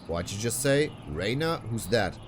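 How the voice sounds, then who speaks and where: A man reading lines for a scornful, abusive talent manager in a game, fairly low voice. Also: animated, measured pace, background noise. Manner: scornful, bullying. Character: abusive middle-aged male talent manager, bullying.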